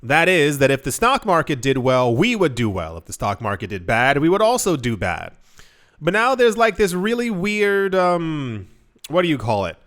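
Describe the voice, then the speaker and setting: A young man with a sing-song voice on the high side, a bit bright, speaks at a moderate pace while hosting a crypto news show. His casual news commentary is loose and meandering, with frequent asides and self-corrections.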